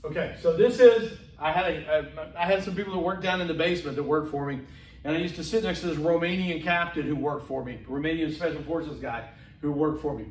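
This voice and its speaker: Male instructor lecturing in a classroom, conversational, high voice, echoey room. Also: a little fast, a little mellow, slight background noise. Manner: conversational, acts out dialogue, frequent okays. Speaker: college instructor. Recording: echoey room, mic far off.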